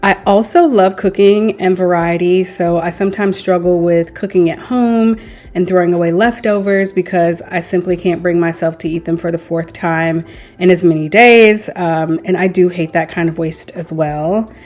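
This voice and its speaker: A woman's voice: fairly low pitch, fairly even intonation, normal speed, a little mellow, rough recording. A woman chatting casually as a home cooking vlogger, rambling along with frequent small laughs. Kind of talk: casual voice-over chat. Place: home kitchen. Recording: clear cooking noise behind.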